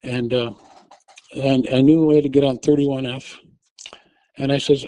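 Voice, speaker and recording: A man's voice: mid-range voice, fairly even intonation, moderate pace, long pauses, no echo, rough recording. Man telling a gripping personal story. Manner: restarts often, raises his voice when retelling his shouts. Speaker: interview guest telling his testimony. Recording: audio only.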